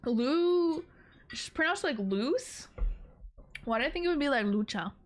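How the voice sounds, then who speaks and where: A woman's voice: high-pitched, expressive, unhurried. A woman streaming live, chatting casually with her viewers in a rambling, giggly, playful way. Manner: playful teasing of her chat.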